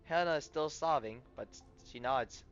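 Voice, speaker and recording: A man reading the narration and his own character's lines in a game playthrough, stumbling and correcting words, with loud excited reactions. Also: mid-range voice, normal speed. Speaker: gamer reading a story aloud. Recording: slightly muffled, soft game music behind.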